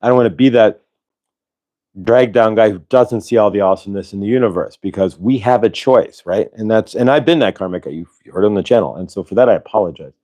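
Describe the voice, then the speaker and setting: A man's voice: lowish voice, fast, hardly any pauses, warm tone. Upbeat rambling man hosting a livestream. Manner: upbeat, rambling, reads viewer comments aloud. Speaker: livestream host. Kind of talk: casual spiritual livestream chat.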